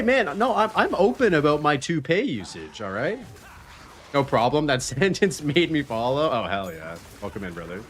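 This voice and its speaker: A man's voice: medium pitch, fairly bright tone. A man streaming a video game, chatting casually, joking and laughing often as he reads chat messages aloud.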